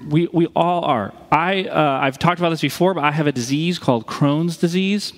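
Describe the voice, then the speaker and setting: A man preaching a sermon as pastor, speaking in a lively, conversational way and acting out quoted lines. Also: on the high side, moderate pace. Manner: animated, conversational, acts out quotes. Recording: reverberant hall.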